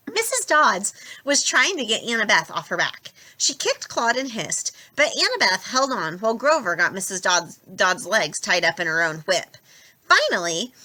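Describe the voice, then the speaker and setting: Lively woman reading a story aloud. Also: fairly high pitch. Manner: expressive, lively narration. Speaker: storybook reader.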